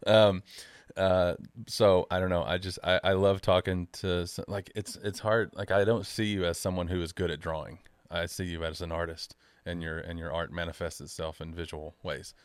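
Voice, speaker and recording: Brief: male interviewer, a touch low-pitched, casual and chatty, trips over his own sentences. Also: level tone, normal speed, smooth, no room sound. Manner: chatty, rambling, self-interrupting. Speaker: podcast host.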